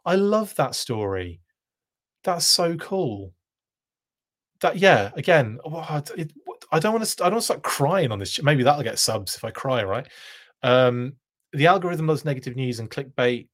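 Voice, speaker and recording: A man's voice: mid-range voice, very animated, normal speed. A man hosting a live stream, reading chat comments aloud in a casual, self-deprecating way with frequent laughs.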